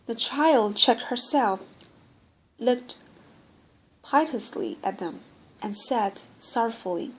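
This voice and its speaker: Woman reading a classic novel aloud, bit high voice, trips over words and restarts. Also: slow, pauses often, slightly rough, low-quality recording. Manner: steady reading with frequent stumbles and restarts. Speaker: audiobook reader. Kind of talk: amateur audiobook narration.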